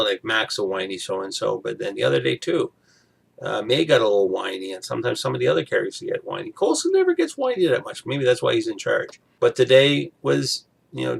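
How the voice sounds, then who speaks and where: A man's voice: on the low side, creaky. A man recapping a TV episode in a casual, rambling way, full of fillers. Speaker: TV episode reviewer.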